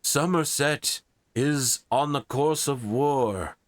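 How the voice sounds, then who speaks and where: A man voicing a pained male king who speaks to the players through a magic axe, in a slow and formal way. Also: mid-range voice, no echo, voice pushed up, natural voice. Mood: regal, grave. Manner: slow, formal, regal speech.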